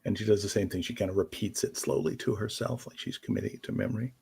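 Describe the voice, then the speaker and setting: A man narrating as game master in a tabletop game, in a relaxed, descriptive way with small hesitations. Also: lowish voice, fast talker, vocal fry, slightly rough.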